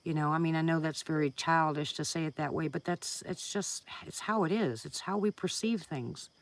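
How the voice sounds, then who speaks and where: A woman's voice: sits low, moderate pace. A woman hosting a casual live stream from home, chatting with viewers, greeting them by name and laughing often.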